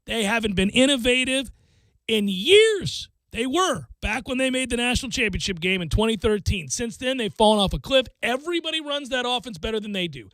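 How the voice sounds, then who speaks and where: A man hosting sports talk radio, ranting with sarcasm and animated energy. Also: very high-pitched, a little fast, dry recording.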